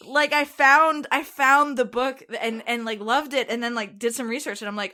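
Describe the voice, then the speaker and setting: Female podcast co-host, slightly high-pitched, loose and chatty with fillers. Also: normal speed, hardly any pauses, pushed and bright. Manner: chatty, laughing, lots of fillers and restarts. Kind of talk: casual chat.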